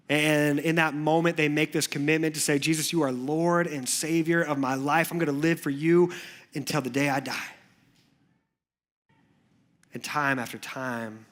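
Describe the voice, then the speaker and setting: A man who serves as youth pastor preaches to his church, relating the story with a storyteller's touch that alternates hushed and lively beats. His pitch is medium.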